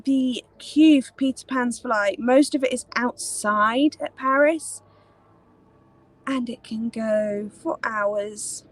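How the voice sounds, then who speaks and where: Speaking slowly in a fairly high voice, a young British woman hosts a casual live stream chat. Her talk rambles along with lots of ums and likes, and no room sound comes through.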